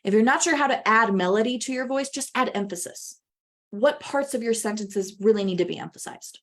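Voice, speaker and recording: Animated woman coaching public speaking. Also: normal speed. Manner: animated, swings her pitch widely for emphasis. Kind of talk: webinar presentation.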